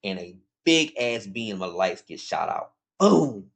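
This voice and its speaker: A man giving a rambling, animated casual recap of a comic to his viewers, full of restarts. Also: fairly low pitch, takes it slowly, gravelly, slightly rough. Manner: informal, addresses viewers as y'all. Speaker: comic book reviewer.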